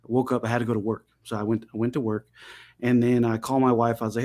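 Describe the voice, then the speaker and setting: A middle-aged man telling a long, profane family story in a casual chat, animated and laughing. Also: medium pitch, fast talker. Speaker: co-host.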